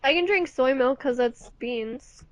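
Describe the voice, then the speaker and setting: A woman's voice: high voice, measured pace, dry recording. A young woman co-hosting a podcast in casual chat, giggly and self-mocking, on a dull lo-fi recording. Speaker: podcast co-host.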